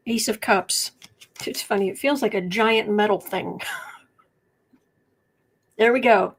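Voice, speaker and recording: A woman's voice: medium pitch, takes it slowly, pauses often. A woman doing casual livestream commentary as a tarot reader and political commentator, chatty and sardonic, reading viewer comments aloud.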